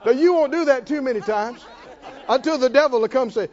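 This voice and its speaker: High-voiced preacher exhorting his congregation. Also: brisk, lo-fi sound, some chatter behind, slight background noise. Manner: exhorting, bursts into shouted laughter. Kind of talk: sermon.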